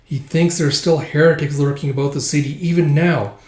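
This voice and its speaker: Man reading as a sad sheltered princess, soft, earnest, roomy echo. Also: on the high side, steady tone, a little fast, close to an everyday voice. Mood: sorrowful. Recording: echoey room.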